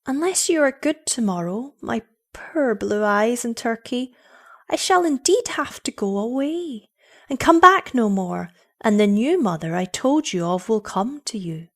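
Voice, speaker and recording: A woman doing a sorrowful gentle mother. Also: on the high side, animated, measured pace, pitched above the performer's own voice. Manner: sad, gentle. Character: sorrowful, tender young mother.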